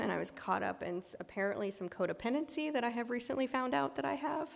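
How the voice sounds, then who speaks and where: A woman with a gravelly, fry-edged voice speaks frankly and with self-mockery about her own past, circling back with fillers and restarts as she tells her recovery story. Her voice rings out with a long hall reverb behind it. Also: mid-range voice. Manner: candid and self-deprecating, many ums and restarts. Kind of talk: personal testimony talk.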